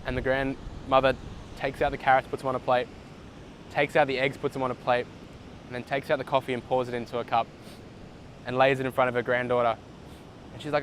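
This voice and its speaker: A man's voice: medium pitch, flat delivery, brisk, long pauses, low-quality recording. Earnest, encouraging male motivational speaker, recorded outdoors with faint traffic behind. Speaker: motivational vlogger. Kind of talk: motivational storytelling. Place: outdoors in the sun near water.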